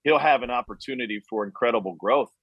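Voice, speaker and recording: A man on sports radio giving measured, hedging analysis of a quarterback's game. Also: mid-range voice, dry recording, muffled recording.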